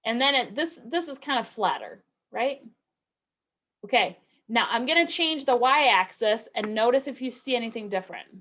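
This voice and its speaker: A woman's voice: on the high side, animated, moderate pace, fairly bright tone. A woman giving a recorded statistics lecture in a conversational way, asking rhetorical questions and often checking in with okay and right. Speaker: statistics instructor.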